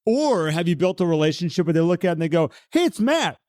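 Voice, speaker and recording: A man co-hosting a podcast in casual conversation, animated and acting out the voices he quotes. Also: fairly high pitch, very fast, dry recording, clean studio sound. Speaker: podcast co-host.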